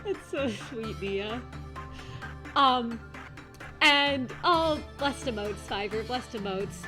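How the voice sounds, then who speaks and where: A woman VTuber streamer chatting casually on a live stream, gushing and excitedly thanking her chat. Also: fairly high pitch, slow, music in the background.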